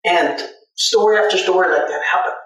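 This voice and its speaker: A man's voice: high-pitched, a little fast, a bit bright. A middle-aged man casually telling long anecdotes about mascot work, with many "and, uh" fillers between thoughts. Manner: rambling anecdotes with frequent "and, uh" fillers. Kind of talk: casual spoken storytelling. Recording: very echoey room, mic at a distance.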